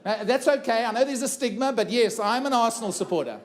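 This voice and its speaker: A middle-aged man with a fairly high voice speaks from a conference stage. He tells a personal story in an earnest way, repeats key phrases and puts questions to the crowd. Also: fast talker. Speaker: keynote speaker. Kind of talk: personal story told to a live audience. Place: conference room before a live audience.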